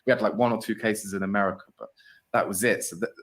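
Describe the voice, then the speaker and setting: A man's voice: fairly low pitch, fairly even intonation, quick pace, fairly bright tone. A man being interviewed, chatting casually and rambling with lots of fillers.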